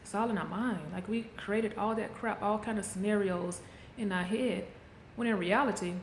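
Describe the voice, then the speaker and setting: A woman's voice: medium pitch, steady tone, normal speed, slight background noise. A middle-aged woman talking candidly into a handheld camera, coaching viewers in a casual motivational vlog. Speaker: vlogger. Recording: echoey room, faint background ambience.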